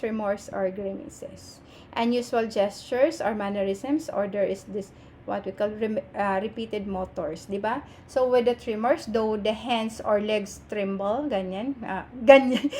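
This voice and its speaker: A woman's voice: medium pitch, slight background noise. A woman with a Filipino accent giving a nursing lecture, mixing English and Tagalog and often asking "di ba?". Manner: switches between English and Tagalog, fills pauses with "Ayan" and "di ba?". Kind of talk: online lecture.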